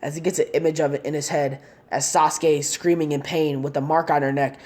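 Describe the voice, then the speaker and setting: Low-voiced woman rambling through a story. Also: flat delivery, brisk, a little mellow. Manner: rambling run-on narration, fillers and restarts. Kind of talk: casual fan story narration.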